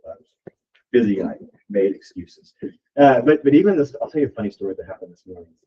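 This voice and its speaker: A real estate team leader with a mid-range voice rallies his team at a meeting, speaking fast with lively intonation. He's casual and rambling, looping back with "like" again and again. He sits some distance from the mic, so the lo-fi recording sounds dull and the room is plainly audible.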